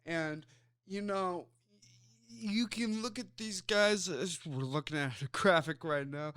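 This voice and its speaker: A man's voice: sits high, a bit bright, clean tone, dry recording, studio quality. A man with a Chicago accent hosting a sports talk show, rambling loosely with plenty of fillers and asides. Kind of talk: casual sports commentary chat.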